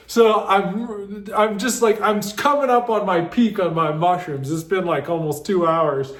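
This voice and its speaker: A man with a notably high voice tells a personal story in a loose, casual way, often cracking up as he goes. He sounds animated and informal, and his voice rings in a roomy, echoey space. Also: a little slow, hardly any pauses. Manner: animated, breaks into frequent laughter.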